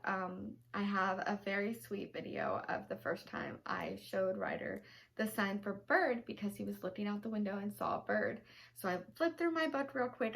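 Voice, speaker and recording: A woman's voice: medium pitch, a bit bright. A young woman and mother talking casually to her camera, chatty and gushing, with lots of ums, emotional and close to tears. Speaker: vlogger mom. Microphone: camera mic, seated.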